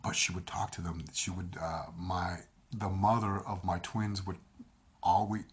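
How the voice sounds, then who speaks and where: Deep husky Puerto Rican man. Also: level tone, unhurried. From Puerto Rico. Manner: rambling, repeats himself, mixes in Spanish phrases. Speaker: storyteller. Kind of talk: casual personal storytelling.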